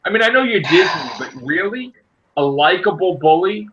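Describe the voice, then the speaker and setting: A man's voice: moderate pace, muffled recording, a little hiss or hum. A man hosting a casual group podcast, ranting animatedly and acting out quotes. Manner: animated, ranting, acts out quotes in a high shouty voice. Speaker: podcast host.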